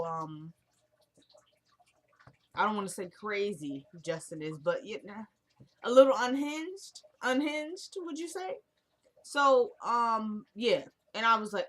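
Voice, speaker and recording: A young woman runs through the latest episode of a TV show in a loose, chatty recap. She is animated and acts out the characters' lines as she goes, at a middling pitch for a woman. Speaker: TV episode reviewer. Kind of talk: casual chat recap.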